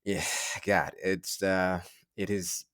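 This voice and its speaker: A man hosting a podcast, speaking in a halting, earnest way with many pauses. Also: low-pitched, little pitch movement, fairly bright tone, clean tone, dry recording, studio quality. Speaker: podcast host. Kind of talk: casual podcast chat.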